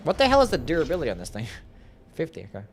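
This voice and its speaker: A man's voice: a little high, wildly swooping pitch, rapid-fire, a little hiss or hum. A young man casually commenting on a game live, musing aloud and answering viewer questions. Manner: laid-back, musing, answers chat questions. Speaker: streamer.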